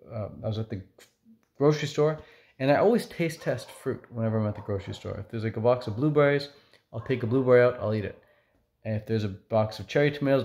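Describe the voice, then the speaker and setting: A man's voice: medium pitch, a little mellow. A man vlogging casually to camera, chatty and upbeat, with frequent fillers. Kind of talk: casual talking-to-camera vlog.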